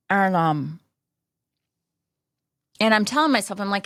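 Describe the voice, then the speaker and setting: A woman's voice: medium pitch, takes it slowly, long pauses, a bit bright, no room sound, studio quality. A woman in her fifties hosting a podcast, telling a candid personal story in a rambling way with many restarts and fillers. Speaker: podcast host.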